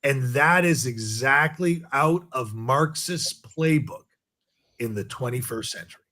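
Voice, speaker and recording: A man co-hosting a political talk show, giving deliberate commentary built from long lists of points. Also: medium pitch, pushed and bright. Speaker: podcast co-host.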